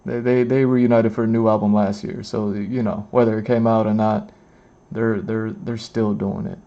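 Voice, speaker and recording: A middle-aged man hosts a livestream and chats loosely about music, circling back and repeating his words. His voice sits low and gravelly, with a mellow, dark tone. The stream audio is dull and lo-fi. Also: level tone, moderate pace. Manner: rambling, repeats words, laughs a lot. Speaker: livestream host. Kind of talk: casual music reaction chat.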